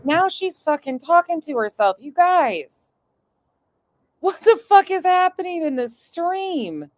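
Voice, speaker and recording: A woman's voice: very high-pitched, sing-song, slow pace, no room sound. A woman commentating on a livestream in a sarcastic, heavily profane style. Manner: sarcastic, swears constantly.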